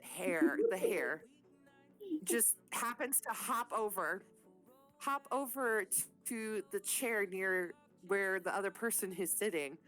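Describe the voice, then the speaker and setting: A woman runs a tabletop game and narrates the action in a loose, profane, animated manner. Her voice sits in a middle pitch. Faint music plays underneath. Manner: casual, profane, animated storytelling. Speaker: game master.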